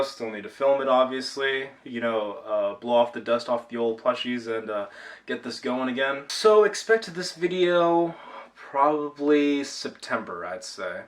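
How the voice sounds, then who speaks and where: Young male vlogger, middle pitch, loose self-deprecating ramble, recorded a little far from the mic. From Rhode Island, USA. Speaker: YouTube channel owner. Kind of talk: casual vlog chat.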